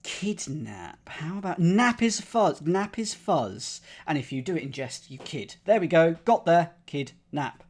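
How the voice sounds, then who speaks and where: A man's voice: on the high side, very animated, a little slow, hardly any pauses. A man solving a crossword live on stream, thinking aloud in a playful, muttering way. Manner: playful, muttering to himself while reasoning.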